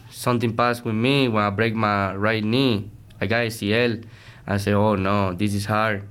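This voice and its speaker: An earnest, energetic man from Venezuela, a baseball player, chats as a guest in a casual interview. His smooth voice sits on the low side, and he speaks in broken English.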